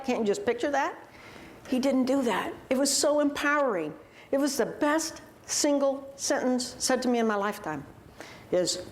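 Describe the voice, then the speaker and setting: A woman, a university president, telling personal stories to an audience in a vivid, animated way and acting out the people she quotes. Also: a little high, normal speed, a little hiss or hum. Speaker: university president giving a talk. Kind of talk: personal storytelling talk to an audience.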